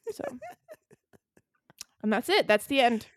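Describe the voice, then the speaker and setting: A woman's voice: on the high side, sing-song, takes it slowly, no echo, clean studio sound. A woman co-hosting a podcast, recapping a book in casual chat and leaning hard on "like" as a filler. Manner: chatty, heavy use of "like". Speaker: podcast co-host.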